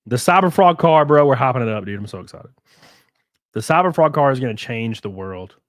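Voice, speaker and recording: Animated, swearing livestream host man. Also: medium pitch, fairly quick, dry recording, studio quality. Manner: profane, excitable, animated ranting. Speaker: livestream host reading viewer donations. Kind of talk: casual livestream chat and rant.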